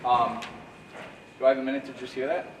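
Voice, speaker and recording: A man's voice: medium pitch, little pitch movement, a little fast, recorded from a distance. A man coaching a school jazz band, scatting rhythms to show phrasing and counting the players in. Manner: scats rhythms to demonstrate phrasing. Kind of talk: rehearsal coaching. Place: school rehearsal room or auditorium. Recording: echoey room, heard from afar, noisy.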